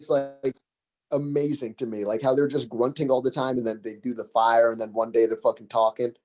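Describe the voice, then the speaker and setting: A man's voice: medium pitch, level tone, a little fast, darkish tone. A man who is a comedy guest on a podcast, chatting casually with dry jokes and frequent laughs. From United States. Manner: laid-back, dry jokes, laughs often.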